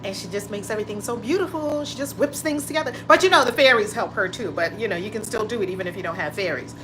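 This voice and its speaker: A woman's voice: medium pitch, lively intonation, very fast, hardly any pauses, music in the background. A woman hosting a casual livestream from home, greeting viewers by name with lots of exclamations. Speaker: livestream host. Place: home room with window open. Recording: noisy home livestream audio.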